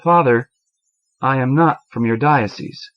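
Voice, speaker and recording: A man's voice: medium pitch, a little slow, fairly bright tone, close to an everyday voice. A man voicing an earnest, apologetic young man at confession. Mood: sheepish. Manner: apologetic, pleading, eager to please. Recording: dull lo-fi cassette audio.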